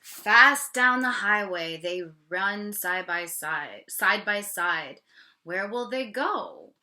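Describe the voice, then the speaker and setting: A teacher reading a picture book to young children, slowly and with pauses to ask questions. Her voice is bright and clear, and each word is spelled out patiently. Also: mid-range voice, animated. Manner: slow, questioning, explaining. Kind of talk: read-aloud for young children.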